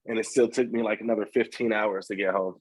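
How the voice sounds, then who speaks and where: Husky-voiced man from Texas, chatty. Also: on the low side, steady tone. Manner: chatty, quick bursts of banter. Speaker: webinar co-host. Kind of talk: casual chat.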